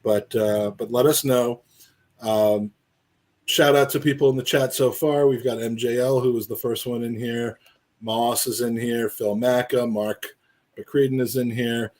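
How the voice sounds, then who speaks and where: A man's voice: mid-range voice, fairly even intonation, unhurried, darkish tone. A man hosting a podcast as a casual live-stream chat, rambling and joking with many restarts. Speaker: podcast host.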